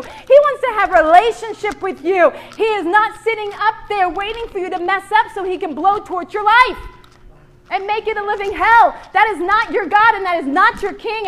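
A woman's voice: very high voice, normal speed. A woman preaching to a women's church gathering, joking and acting out little voices as she goes. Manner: animated, jokey, acts out voices. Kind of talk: sermon.

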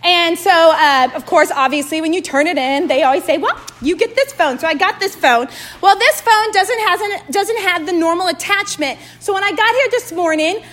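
Speaking at a moderate pace in a very high-pitched voice, a woman leads a women's gathering in a fervent sermon and prayer, laughing readily and lowering to a hush when she prays. The sound comes from a phone mic held in her hand inside a church room with noticeable echo.

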